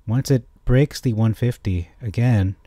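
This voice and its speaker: A man giving a casual, rambling stock chart analysis, often correcting himself and getting excited. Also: medium pitch, measured pace, no room sound, clean studio sound. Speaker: stock market commentator.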